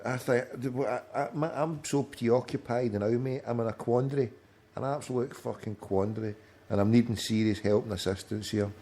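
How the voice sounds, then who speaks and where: A man's voice: mid-range voice, fairly even intonation, moderate pace, warm tone. A man, hosting a late-night phone-in, rambling in sweary chat and calling his friend "mate" often. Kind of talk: casual banter over a call.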